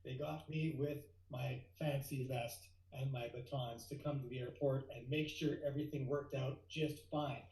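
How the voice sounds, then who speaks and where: A middle-aged man telling a tall tale as a guest speaker, lively and building to excited outbursts. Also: medium pitch, normal speed, few pauses, echoey room, poor audio.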